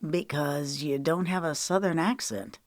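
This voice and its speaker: A woman reading as a tired, curious male country music star in an audiobook, speaking in a low, quiet voice with probing questions. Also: measured pace, no room sound.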